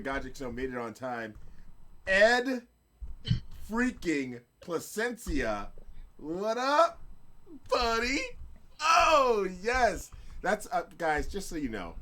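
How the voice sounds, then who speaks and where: A middle-aged man with a mid-range voice hosts a casual live-streamed gaming and photography show, playing around, laughing and giving hyped shout-outs to his chat and guests.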